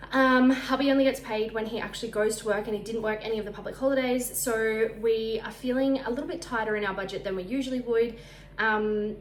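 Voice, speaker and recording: A chatty Australian woman in her thirties talks to camera in a quick, slightly breathless rush. Her voice sits at an ordinary middle pitch. It bounces around an echoey room at home over a faint background hiss. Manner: fast-talking, chatty, sounds out of breath. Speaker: vlogger. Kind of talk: casual chat.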